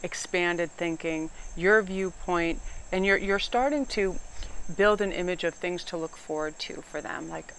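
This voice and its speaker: A middle-aged woman, giving a casual, animated tarot reading outdoors and sometimes getting loud and emphatic. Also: on the low side, measured pace, a little hiss or hum. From New England. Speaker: tarot reader.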